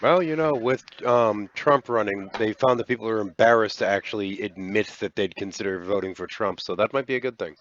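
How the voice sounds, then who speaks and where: A man's voice: lowish voice, fairly quick, hardly any pauses, a bit bright. A man from the United States talking bluntly with many fillers in a casual group chat. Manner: hesitant, filler-heavy, blunt. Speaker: panelist. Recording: dull lo-fi voice chat.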